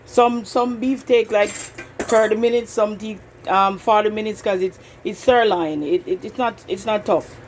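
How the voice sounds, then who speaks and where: A woman's voice: mid-range voice, measured pace, a little hiss or hum, low-quality recording. A woman hosting a casual home cooking demonstration in a kitchen, chatting straight to her viewers and repeating herself as she goes. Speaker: cooking channel host.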